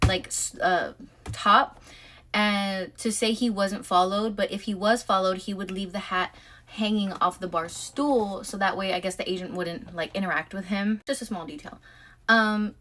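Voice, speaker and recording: A woman's voice: mid-range voice, a bit bright. A woman casually recapping a novel's chapters, chatty and full of filler words. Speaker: book recap vlogger.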